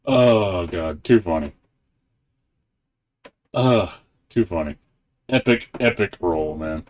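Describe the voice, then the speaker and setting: Low-pitched and a little mellow, this man's voice is expressive and unhurried. He's a game streamer in casual live-stream chat, rambling through his thoughts with heavy profanity and laughter.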